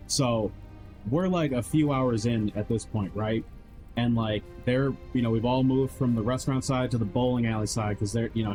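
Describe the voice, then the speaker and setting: A man streamer, heard in poor audio, goes on at length with a rambling, profane story full of filler words, putting on voices to act out what others said. The chat is casual, and his mid-range voice carries a darkish tone.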